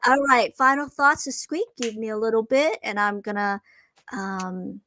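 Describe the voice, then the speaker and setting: A woman hosting a casual livestream Q&A, bubbly and excitable, talking over a video call. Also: on the high side, unhurried. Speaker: host. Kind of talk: livestream Q&A chat.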